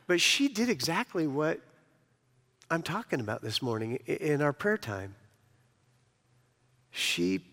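A male pastor delivers a sermon in a slightly higher voice, building to emphatic peaks and then dropping to quiet, personal asides. His voice carries a long reverb from a church sanctuary.

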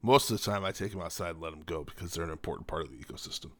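A man with a low voice co-hosting a casual chat. He teases in a dry, deadpan manner, and the recording is close and dry. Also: racing, no echo. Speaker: podcast co-host.

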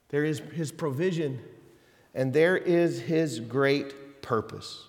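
A pastor with a slightly high voice preaches a sermon slowly in a church sanctuary, his words echoing around the room. His delivery is conversational, sprinkled with folksy asides and quotes he leans on hard.

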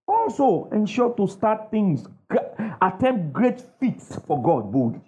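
A man's voice: high-pitched, very animated, unhurried, darkish tone, breathy edge. A man preaching a sermon with emphatic call-and-response, asking the congregation to finish his lines. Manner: emphatic call-and-response, asks the crowd "what?". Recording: dull lo-fi sound.

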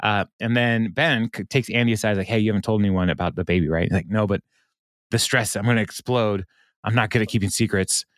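A man's voice: on the low side, fast talker, fairly bright tone, no echo, clean studio sound. A man co-hosting a podcast, casually recapping an episode, laughing often and briefly mimicking the characters. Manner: retells scenes, briefly mimicking the characters' lines; laughs often while talking. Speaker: podcast co-host.

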